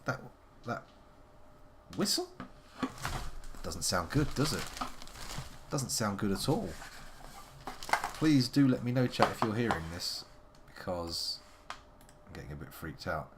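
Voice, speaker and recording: A man's voice: lowish voice, lively intonation, unhurried, long pauses, noisy background. A man giving playful, wordy live commentary on a game he is playing, making theatrical asides to his chat. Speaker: live-streaming game player.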